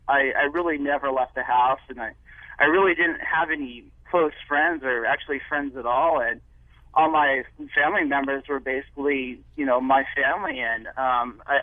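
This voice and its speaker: A man calling in as a guest, talking in a halting, hesitant way with lots of restarts. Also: medium pitch, no echo. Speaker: phone-in guest. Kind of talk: telephone interview. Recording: tinny phone line.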